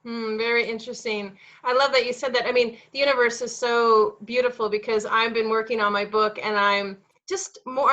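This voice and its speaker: Woman podcast host, high bright voice, enthusiastic. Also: lo-fi sound. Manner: enthusiastic, laughs often. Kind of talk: podcast interview.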